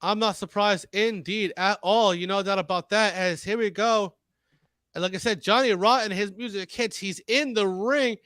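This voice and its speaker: A man giving excited, rambling play-by-play commentary on a wrestling match, often tripping over his words. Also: sits high, moderate pace, no echo.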